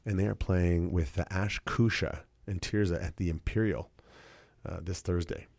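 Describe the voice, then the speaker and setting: A man with a lowish voice hosts a campus radio show from the studio. He chats casually, trailing off and correcting himself as he goes. His close mic gives a dry, deadened sound. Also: moderate pace, no room sound. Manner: relaxed, rambling, with many fillers and self-corrections.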